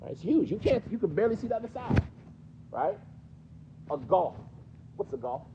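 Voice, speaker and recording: Man, New York accent, teacher, slightly high voice, conversational, quizzing students, muffled lo-fi recording. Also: big pitch swings, normal speed, background noise. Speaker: teacher explaining hadith. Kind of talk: classroom lesson with questions. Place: mosque classroom.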